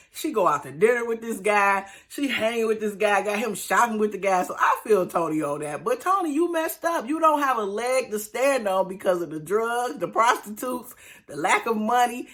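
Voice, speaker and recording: A woman's voice: medium pitch, animated, normal speed, a bit bright. A woman hosting casual recap commentary, chatty and emphatic, talking straight to her viewers.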